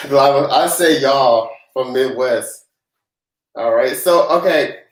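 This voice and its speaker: His voice is mid-range and very slow as he hosts a live-stream question session on taxes. The tax pro, raised in the South, keeps things chatty and full of jokes and loose laughter, with an echoey room around him.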